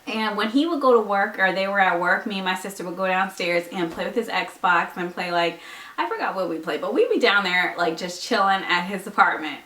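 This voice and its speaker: A woman's voice: medium pitch, a little fast, pushed and bright. A young woman telling a story to her vlog camera in a casual, giggly way, full of likes and ums. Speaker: vlogger. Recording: echoey room, mic a bit far.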